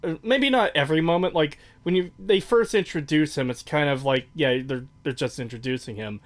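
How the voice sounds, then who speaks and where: A man's voice: on the high side, a little fast. Blunt, swearing podcast co-host man. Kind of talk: casual chat.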